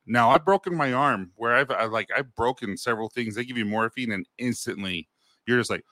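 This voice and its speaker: A man's voice: medium pitch, fairly quick, bright, forceful tone, no room sound. A man in his thirties co-hosting a podcast, telling a story about himself in a candid, self-deprecating, casual way. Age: 30s. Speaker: podcast co-host.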